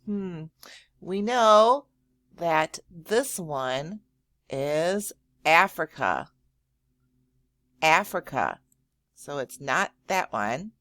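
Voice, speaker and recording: Slow, sing-song woman teacher. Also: sits low, big pitch swings, fairly bright tone, dry recording, studio quality. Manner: drawn-out words, frequent praise and thinking hums. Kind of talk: slow, encouraging lesson for young children.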